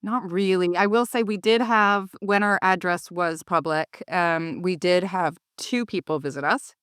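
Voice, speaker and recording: A woman co-hosts a business podcast and also owns a cleaning business. Her voice is lowish, unhurried, clear and resonant, caught in a dry, studio-quality recording. In casual conversation she sounds upbeat and coaching, growing animated when she tells anecdotes.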